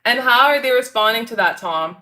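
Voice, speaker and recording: A woman's voice: on the high side, lively intonation, a little fast, pushed and bright. A woman from Canada, hosting a casual livestream chat with viewers in a bubbly, chatty way and laughing often. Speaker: host.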